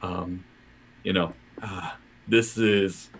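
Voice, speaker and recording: Hesitant low-voiced man playing a tabletop game. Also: steady tone, very slow, slightly rough. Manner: hesitant, many fillers. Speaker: player.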